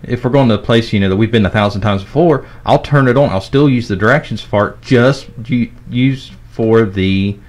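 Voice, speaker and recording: A man's voice: on the low side, normal speed, few pauses, a little mellow. A man co-hosting a podcast and explaining tech step by step in casual chat. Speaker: podcast co-host.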